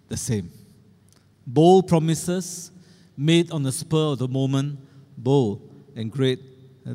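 A man's voice: medium pitch, a little mellow. A middle-aged man preaching a sermon as pastor, earnest and emphatic as he quotes scripture. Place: church. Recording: long church reverb.

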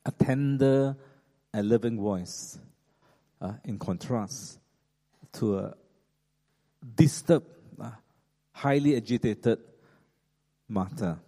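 Male preacher, mellow voice, animated and chatty, hall reverb. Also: mid-range voice, takes it slowly, pauses often. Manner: animated, frequent fillers and restarts, chuckling asides. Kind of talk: sermon. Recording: echoey hall.

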